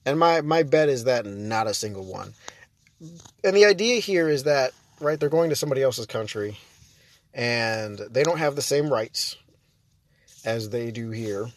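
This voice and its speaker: A man's voice: mid-range voice, animated, unhurried. A man ranting in a casual monologue, exasperated and rambling, with many fillers and restarts. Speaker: vlogger.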